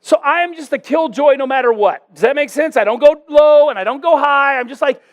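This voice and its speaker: A man preaching a sermon as a church pastor, conversational and animated, with self-deprecating asides. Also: extremely high pitch, a little fast.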